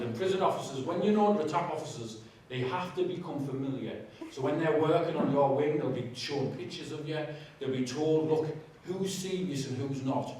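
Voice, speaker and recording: A man's voice: mid-range voice, animated, a little fast, few pauses, a little mellow, a little hiss or hum. A man giving a candid, conversational personal testimony with humour in a large church hall. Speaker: guest speaker giving testimony. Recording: very echoey hall, distant mic.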